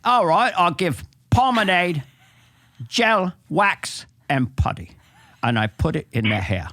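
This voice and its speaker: A man impersonating a grumpy ninety-year-old male barber, talking slowly and gruffly. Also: a little high, pushed and bright, dry recording, studio quality, heavily acted. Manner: slow, gruff, swearing.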